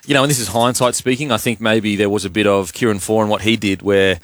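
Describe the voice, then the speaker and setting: Male co-host, low, fast, filler-heavy chat, dry mic. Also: steady tone, dry recording. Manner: hesitant, filler-heavy, laughs easily. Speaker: radio co-host. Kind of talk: casual sports radio banter.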